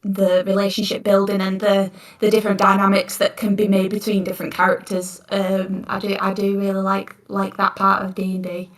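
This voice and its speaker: A woman's voice: medium pitch, monotone, fairly quick, far from the mic. A woman with a northern English accent chatting enthusiastically and giggly as a player. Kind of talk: casual chat. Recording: echoey room, off-mic.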